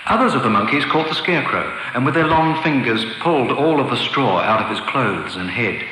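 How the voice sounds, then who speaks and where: Expressive man reading a storybook in an echoey room. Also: medium pitch, brisk, a little hiss or hum. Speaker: narrator. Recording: echoey room with long reverb.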